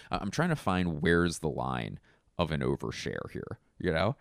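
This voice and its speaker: A stand-up comedian from Philadelphia telling a rambling, casual anecdote full of fillers and self-corrections. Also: male voice, a bass voice, animated, normal speed, vocal fry, no echo, clean studio sound.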